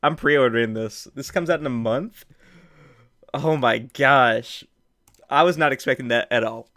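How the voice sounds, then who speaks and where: A young man streaming live from home, reacting with loud excitement and laughter, with faint music behind. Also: medium pitch, brisk. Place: home room.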